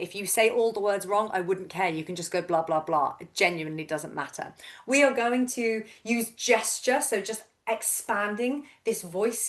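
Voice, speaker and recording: A woman in her thirties, working as a vocal coach, leads a voice and breath workshop over a video call. She guides participants gently and encouragingly in a medium-pitched voice.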